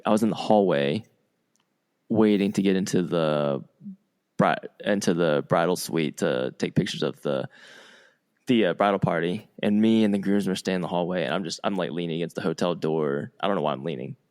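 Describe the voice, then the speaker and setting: Podcast host guy, lowish voice, rambly chatty stories. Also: fairly quick, a little mellow, smooth. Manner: rambling anecdotes with restarts and laughs. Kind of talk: casual chat.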